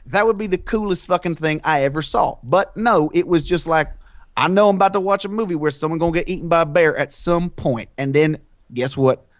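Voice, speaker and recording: Brief: animated, profane male podcast co-host, slightly high pitch, dry mic. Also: fairly quick, no room sound. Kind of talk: casual podcast chat.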